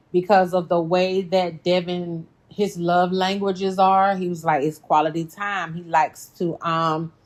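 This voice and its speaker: A woman hosting a casual reaction recap, talking straight to her viewers, animated and laughing often. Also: fairly low pitch. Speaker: reality TV recap host.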